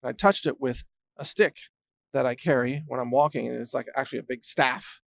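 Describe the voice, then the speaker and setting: A man's voice: medium pitch, fairly even intonation, fairly quick, creaky, a bit bright, dry recording. A middle-aged man casually telling rambling animal anecdotes as host, chuckling often and restarting his sentences. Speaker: show host.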